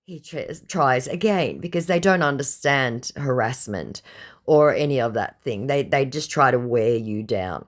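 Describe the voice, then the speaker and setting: A woman's voice: very deep voice, lively intonation, normal speed. A tired woman telling a scam-bait story in a blunt, sarcastic, exasperated way. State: tired from the heat. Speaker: vlogger recounting scam-bait chats. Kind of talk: casual storytelling to camera.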